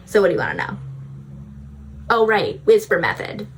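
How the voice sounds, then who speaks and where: A woman's voice: mid-range voice, animated, moderate pace, creaky, slight background noise. A young woman vlogging self-help advice in a casual, breezy way, often saying "like". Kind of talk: self-help vlog talk.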